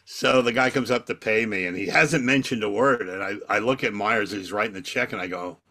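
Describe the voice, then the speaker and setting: A comedy magician chatting casually, telling a backstage story and acting out the dialogue. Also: male voice, on the low side. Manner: quick, lively storytelling that acts out dialogue. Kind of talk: casual chat, telling stories.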